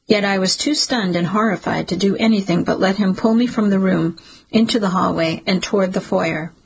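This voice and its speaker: A woman reading a grim first-person audiobook in a grave, measured way. Her voice is husky and raspy, with a gravelly creak at the bottom of her tone. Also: medium pitch, low-quality recording. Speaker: audiobook narrator. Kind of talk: first-person dramatic narration.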